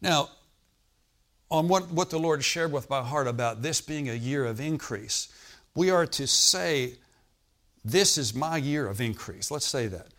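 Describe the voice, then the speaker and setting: A man's voice: mid-range voice, lively intonation, unhurried, fairly bright tone. A man preaching a sermon in an emphatic, repetitive style, often calling out to his listeners for agreement. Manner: emphatic, repetitive, frequent "Amen?" calls to listeners. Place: hotel meeting room.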